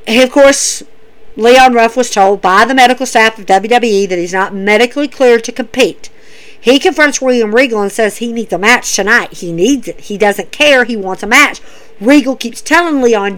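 Woman, casual wrestling recap, fairly high voice, animated, acts out quotes. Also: moderate pace.

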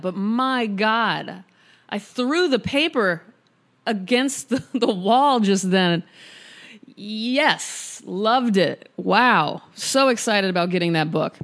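A woman hosting a casual podcast, reading poems aloud in a husky, worn voice with playful, unhurried asides between them. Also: medium pitch. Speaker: podcast host reading poetry.

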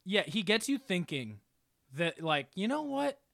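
A young man joins a comedy podcast as a guest and throws out sarcastic, teasing jabs. His voice sits fairly high and sounds bright. It is recorded dry and close. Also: very animated, unhurried, vocal fry, no echo. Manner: sarcastic, mock-insulting banter. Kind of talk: casual comedic podcast chat.

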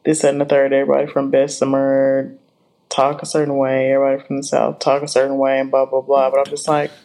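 A woman's voice: very deep voice, monotone, quick pace, warm tone. A woman co-hosting a podcast in a casual, laid-back chat, drawing out her thoughts and chuckling now and then. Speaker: podcast co-host.

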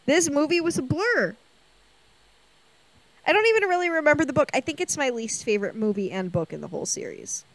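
A woman's voice: high-pitched, brisk, no echo, rough recording. Sassy chatty woman, dry close sound. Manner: sassy, animated storytelling. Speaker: podcast co-host. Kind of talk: casual chat.

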